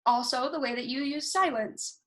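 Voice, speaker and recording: A young woman presenting a casual online workshop, talking fast and animated, recorded alone over a video call. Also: high-pitched. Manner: self-described fast talker, animated, talks with hands. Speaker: university research workshop presenter. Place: alone, recording herself at a computer. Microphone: recorded through video call software.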